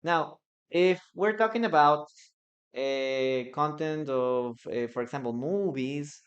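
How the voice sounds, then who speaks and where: A man whose first language is Spanish, with a Peruvian Spanish accent, teaching English in a live online lesson. He talks loosely, with many fillers and restarts, and repeats phrases slowly when dictating. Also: on the high side, muffled recording.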